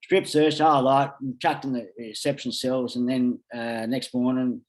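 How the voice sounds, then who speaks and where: At a measured pace and in a mid-range voice, a middle-aged Australian man guests on a podcast. He swears constantly as he rambles through animated anecdotes in casual talk.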